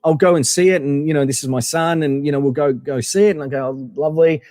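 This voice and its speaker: A man's voice: mid-range voice, fast, mellow, no room sound, clean studio sound, in a large hall. A man guest telling casual anecdotes in a rambling way, full of fillers and restarts. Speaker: podcast guest.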